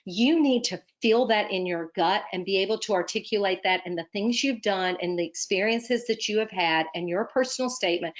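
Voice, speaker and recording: Woman, admissions advisor, earnest and emphatic, mid pitch, muffled lo-fi sound. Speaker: medical school admissions advisor. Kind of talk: personal story turned into application advice.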